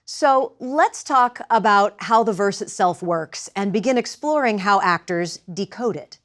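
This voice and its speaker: A woman acting teacher giving a lecture with demonstrations, speaking in a clear, measured way. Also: mid-range voice, expressive, fairly bright tone.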